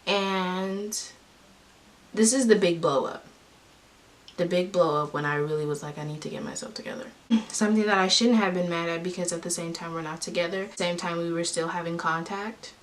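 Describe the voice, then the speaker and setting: A woman's voice: lowish voice, normal speed. A young woman telling a personal story to her viewers in an emphatic, candid way. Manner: emphatic, talking straight to viewers. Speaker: vlogger. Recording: voice a bit far from the mic, faint hiss.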